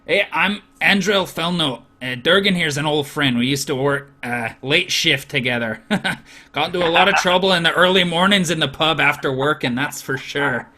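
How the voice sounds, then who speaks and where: A man voicing a friendly, boisterous gray-haired male dwarf who talks heartily and exclaims loudly, in a tabletop game. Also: a little high, moderate pace. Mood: jovial.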